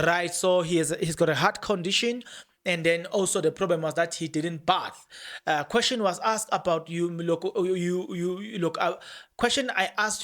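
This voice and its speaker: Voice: medium pitch, moderate pace, fairly bright tone. Podcast host, chatty commentary. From South Africa. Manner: talkative, repeats and restarts phrases, reads out documents. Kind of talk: casual commentary on court proceedings.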